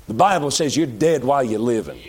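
A man preaching a sermon, moving between loud high-pitched calls and low pleading appeals. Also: animated, brisk.

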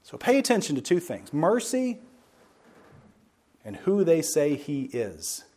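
A man giving a sermon-style Bible lesson, speaking emphatically and slowing down to stress key words, with conversational asides to his listeners. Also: a little high, wildly swooping pitch, dark tone. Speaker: Bible teacher.

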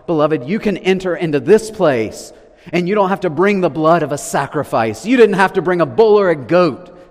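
Preacher in a reverberant hall. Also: male voice. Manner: dramatic swings between loud declarations and hushed low lines. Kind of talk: sermon. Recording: long reverb of a large hall.

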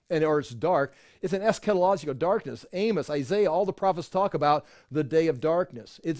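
A man's voice: a little high, a little mellow, dry recording, studio quality. A man giving a conversational Bible teaching that wanders through restarts and rhetorical asides.

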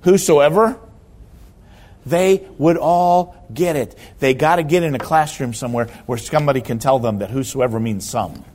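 A man's voice: a little high, fairly quick, hardly any pauses, darkish tone. A man preaching a sermon as a pastor, telling stories and hammering key words through repetition. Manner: emphatic storytelling preacher, repeats key words for stress.

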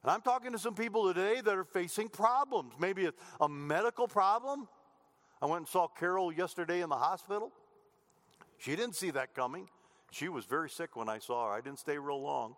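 A man's voice: sits high, expressive, brisk, a bit bright. A middle-aged male pastor preaching a sermon earnestly, repeating phrases and restarting as he goes. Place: church sanctuary. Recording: long hall reverb.

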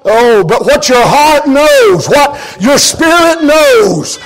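Very high-voiced fervent male preacher. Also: big pitch swings, takes it slowly. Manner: fervent, often shouting, with frequent amens and laughs. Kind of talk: sermon.

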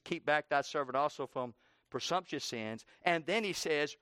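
A man preaching a sermon and praying aloud in church, moving from quiet pleading to loud impassioned cries and repeating phrases for emphasis. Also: on the high side, animated, moderate pace, clear, resonant tone, no room sound, studio quality. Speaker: pastor. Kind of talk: sermon with spoken prayer. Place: church service.

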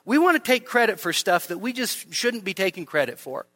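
A male pastor preaching a sermon in a church, animated, with humor and rhetorical questions. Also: high-pitched, a little fast, dry recording.

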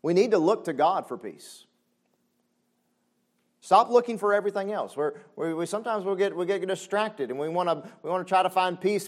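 A man preaching a sermon. He talks conversationally with frequent asides and swings between loud exclamations and soft, low passages. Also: lively intonation, normal speed. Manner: conversational, with frequent "you know what I'm saying" asides. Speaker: pastor.

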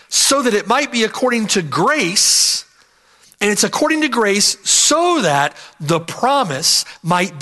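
Male preacher, high and bright voice, emphatic verse-by-verse sermon with lots of repetition. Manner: emphatic, repeats key phrases, asks "right?". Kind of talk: expository sermon.

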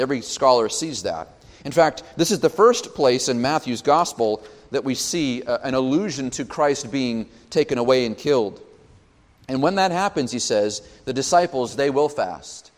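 A male pastor delivering a sermon with lively, swooping intonation, climbing high on joyful lines and sinking low for solemn ones. His somewhat high voice carries a long reverb from a church hall. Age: young adult. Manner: animated preaching, voice rising and falling with emphasis.

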